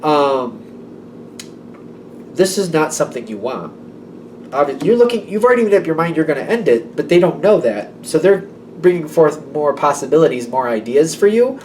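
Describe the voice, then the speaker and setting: A man's voice: fairly high pitch, big pitch swings, moderate pace, a little mellow, a little hiss or hum, poor audio. A man giving a casual tarot reading, rambling and correcting himself, often speaking the listener's imagined thoughts aloud. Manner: rambling, self-correcting, voices clients' thoughts. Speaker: tarot reader.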